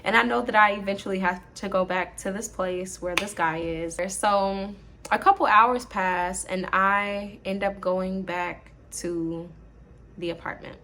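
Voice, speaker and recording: A woman's voice: medium pitch, unhurried, a little hiss or hum. Brash, profane young woman telling a storytime. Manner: blunt, profane and animated, acting out both sides of the argument. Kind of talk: casual storytime monologue.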